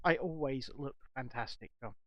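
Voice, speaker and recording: A man's voice: mid-range voice, normal speed. A man co-hosting a podcast in casual chat, playful and jokey, slipping into mock announcer tones. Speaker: podcast co-host.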